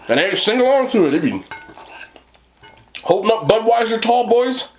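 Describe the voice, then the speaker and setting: A man in his thirties with a New Jersey accent hosts an eating show, telling a rambling story to the camera while laughing a lot and saying "you know what I'm talking about." His voice sits high and is very animated and brisk, with frequent pauses and slight background noise.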